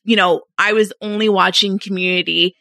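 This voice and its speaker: A woman's voice: medium pitch, steady tone, normal speed, gravelly, bright, forceful tone, no room sound. A woman guest on a podcast, chatting casually with fillers and frequent laughs.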